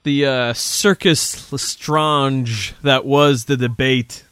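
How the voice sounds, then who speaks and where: A man's voice: mid-range voice, fairly even intonation, takes it slowly, fairly bright tone, clean tone, no echo, clean studio sound. A man hosting a casual podcast panel chat, playful and fond of alliteration. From Providence, Rhode Island. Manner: playful, alliterative show intro. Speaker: host.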